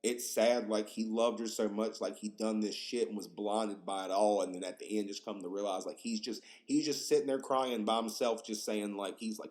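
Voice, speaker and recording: A young man hosting a casual solo podcast, rambling and profane, excitable and full of fillers. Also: fairly low pitch, normal speed, few pauses. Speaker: podcast host.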